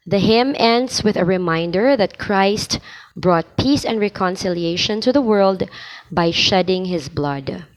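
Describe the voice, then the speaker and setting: A woman reading church readings aloud slowly and deliberately, pausing between phrases to practise for lectors. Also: fairly low pitch, animated, low-quality recording. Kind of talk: slow liturgical reading practice.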